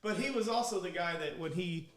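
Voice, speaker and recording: A man, co-hosting a podcast and telling rambling, animated stories. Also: high voice, brisk, over a noisy crowd. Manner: rambling, animated storyteller with restarts. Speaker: podcast co-host. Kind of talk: casual storytelling chat.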